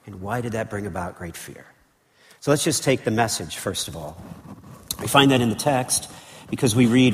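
A man preaching a sermon as pastor, with lively, conversational delivery full of "okay" and "right". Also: fairly low pitch, brisk, in a large hall, background noise. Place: church sanctuary.

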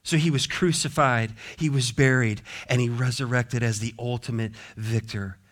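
A man preaching a sermon as pastor, moving between soft, gentle consoling passages and emphatic, repeated declarations. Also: mid-range voice, steady tone, moderate pace.

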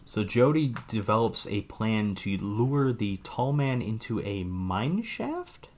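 Deep-voiced man recapping a movie. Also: big pitch swings, slow pace, darkish tone. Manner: rambling, hedging with "like" and "I guess". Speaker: podcast co-host. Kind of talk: casual movie recap chat.

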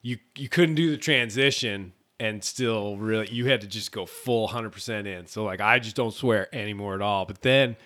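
A man being interviewed on a podcast, talking casually about his work in an easygoing, measured way. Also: fairly low pitch, a bit bright, no room sound. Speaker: podcast guest. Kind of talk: casual chat.

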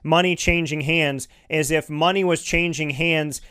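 Male sports talk host, higher-set and smooth, dry studio mic, rambling and animated. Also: a little slow, dry recording. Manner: animated, rambling, with frequent restarts and "you know". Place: home studio. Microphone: studio microphone.

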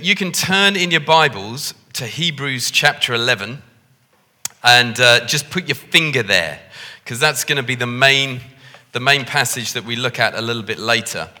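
A man's voice: mid-range voice, sharp tone. A man with a Liverpool accent, preaching a jokey, conversational sermon into a handheld microphone in a church. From Liverpool, England. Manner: jokey, self-deprecating, conversational. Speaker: visiting preacher. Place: church hall. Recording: reverberant church hall.

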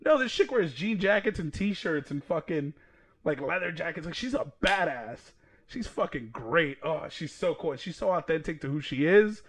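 A man in his thirties hosting a podcast, casual and profane, excitable and quick to laugh. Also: fairly high pitch, husky. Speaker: podcast host.

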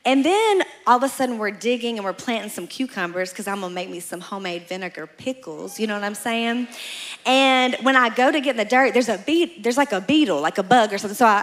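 Lady pastor preaching on a church stage, storytelling, doing little voices, kinda high pitched. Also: fairly quick. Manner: animated storyteller, acts out voices, playful asides. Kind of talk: sermon with storytelling.

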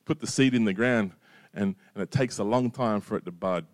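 A man's voice: fairly low pitch, fairly quick, no echo, studio quality. A middle-aged man preaching a sermon in a conversational way, often checking in with "right?" and "you know". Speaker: pastor.

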